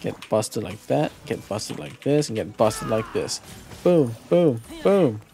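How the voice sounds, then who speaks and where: A man streaming a video game live, chatting casually, excitable and profane, with playful shouted exclamations. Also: lowish voice, measured pace, gravelly. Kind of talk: casual live gameplay commentary. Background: faint game music.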